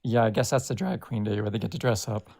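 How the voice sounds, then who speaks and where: Woman guest, skeptical questioner; very deep voice. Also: fast, vocal fry, mellow. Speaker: guest debater. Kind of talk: heated live debate.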